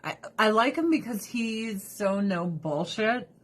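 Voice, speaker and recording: Husky-voiced woman chatting bluntly. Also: mid-range voice, expressive, unhurried. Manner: candid, blunt, swears freely, laughs often. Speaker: livestream host and Avon seller. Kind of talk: casual chat.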